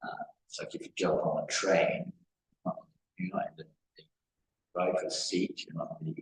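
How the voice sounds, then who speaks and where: Low-voiced English man, spiritual teacher, discursive devotional talk; echoey hall recording. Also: vocal fry, a bit bright. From England. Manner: rambling storytelling with repeated phrases. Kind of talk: devotional discourse. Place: temple hall. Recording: echoey hall with faint noise.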